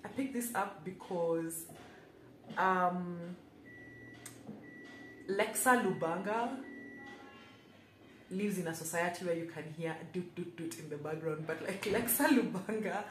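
A young woman chats through a book haul in a low, easy voice. She slips in playful, self-mocking asides as she goes. The room rings with echo, and a faint hum sits under her voice. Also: slow, long pauses. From Kenya. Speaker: booktuber. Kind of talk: casual book haul vlog. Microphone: camera held by someone else.

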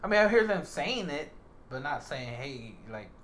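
A man hosts a relaxed podcast conversation, laughing often as he talks. His voice sits a bit high and swings widely in pitch, sounding animated throughout. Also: normal speed, slight background noise. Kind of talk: casual chat.

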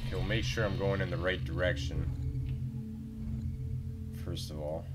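A man's voice: sits low, steady tone, moderate pace. A man giving casual gameplay commentary, ranting and cursing as he plays, repeating himself in disbelief. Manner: profane, exasperated ranting with lots of repetition. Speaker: let's play gamer. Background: game music.

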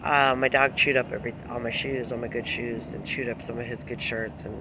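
A woman's voice: extremely low pitch, little pitch movement, fairly quick, noisy background. A middle-aged woman vlogging, telling rambling personal stories in a casual way, laughing often and swearing freely. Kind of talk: casual storytelling to camera.

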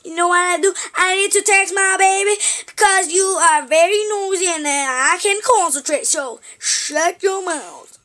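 Brief: bossy, scolding female babysitter, slow and dismissive, played by a girl. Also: extremely high pitch, fairly bright tone.

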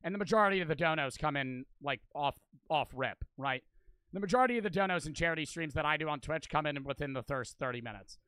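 A man's voice: on the high side, expressive, quick pace, pushed and bright, clean tone, dry recording. A young man livestreaming for charity, casually thanking donors one after another, cursing constantly and a little out of breath.

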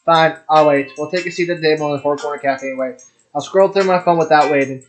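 A young man narrates a visual-novel playthrough, reading the story aloud. He breaks in with crude, irreverent asides and curses often. His voice sits slightly high, with faint music in the background. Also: fairly even intonation, fast. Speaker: let's play host. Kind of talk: gameplay commentary reading game text aloud.

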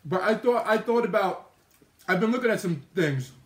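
A man's voice: high-pitched, expressive, normal speed, reverberant. A man hosting a live stream, chatting casually with his mouth full and answering viewer comments. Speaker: livestream host eating on camera. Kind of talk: casual live-stream chat while eating. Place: indoor kitchen with oven and microwave.

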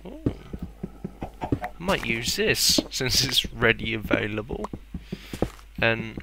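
A man's voice: mid-range voice, big pitch swings, slow, creaky, long pauses, noisy background. A young man rambling and mocking himself as he plays a block-building game. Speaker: gameplay commentator. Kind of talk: casual Let's Play commentary.

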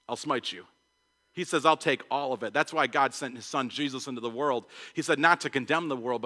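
A man preaching a sermon, animated, often repeating words and acting out the voices of the people in his story. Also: high-pitched. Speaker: pastor. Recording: long hall reverb.

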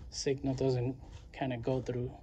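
A man casually narrating a walking tour of his garden and property outdoors, chatty and relaxed, saying y'all. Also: medium pitch, measured pace, muffled recording, a little hiss or hum. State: winded near the end. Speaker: vlogger giving a garden tour.

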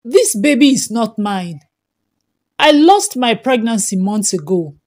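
A woman voicing a young wife who speaks calmly but firmly, at times pleading. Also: on the high side, a little slow. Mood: earnest. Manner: calm but firm, pleading.

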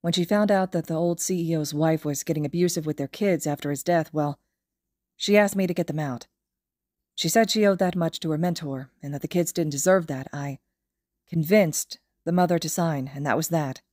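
A woman reading the lines of a weary, protective young man in a fan audiobook, in a low, troubled tone. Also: moderate pace, darkish tone, no echo, clean studio sound. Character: young adult male hero, weary and protective.

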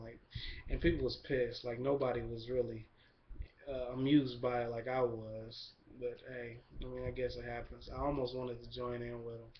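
A young man giving a relaxed, rambling video update, full of fillers and shout-outs. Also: medium pitch, a little hiss or hum. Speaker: vlogger. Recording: dull lo-fi camera recording.

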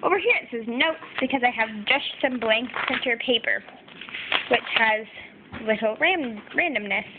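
A woman's voice: on the high side, animated, moderate pace. A young woman chatting casually through a home craft video, apologetic and full of fillers. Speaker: craft vlogger. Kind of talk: casual show-and-tell narration. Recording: tinny phone-like audio with faint background noise. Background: crying baby.

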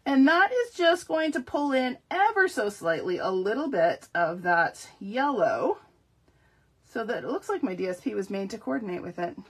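A woman's voice: fairly high pitch, animated, normal speed, fairly bright tone, breathy edge. A woman hosting a live card-making tutorial, chatty and upbeat, with self-deprecating asides as she demonstrates. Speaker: crafting tutorial host.

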